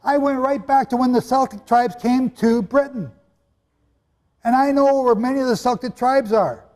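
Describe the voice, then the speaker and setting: A man's voice: extremely high pitch, moderate pace, darkish tone. A man teaching the Bible to a live audience in a hall, emphatic, with rhetorical questions and joking asides. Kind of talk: sermon-style lecture to a live audience. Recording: echoey hall with long reverb.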